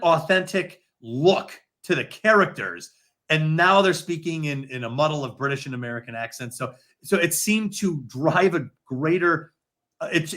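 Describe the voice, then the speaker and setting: Male podcast guest, a little higher-pitched than most men, measured and explanatory. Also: pushed and bright. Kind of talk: casual discussion.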